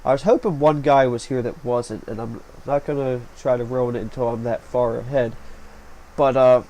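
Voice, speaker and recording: A man narrates his vlog footage at normal speed in a steady, darkish, mid-range voice, rambling casually with lots of fillers. He's using a home recording setup in a small hot room, and the poor audio picks up faint noise from a fan.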